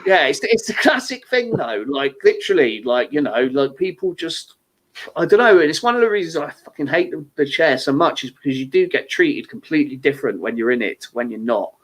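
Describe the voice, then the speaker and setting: A man chatting on a casual podcast panel, swearing freely and telling stories with lots of energy. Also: brisk. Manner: swears freely, animated storytelling with lively pitch swings. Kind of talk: casual banter.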